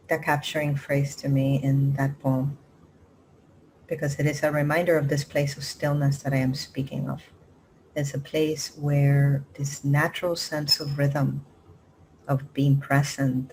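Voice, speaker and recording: A woman meditation teacher giving a gentle, measured mindfulness talk, pausing often with soft ums. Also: sits low, slight background noise, low-quality recording. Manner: soft-spoken, measured, frequent pauses and ums.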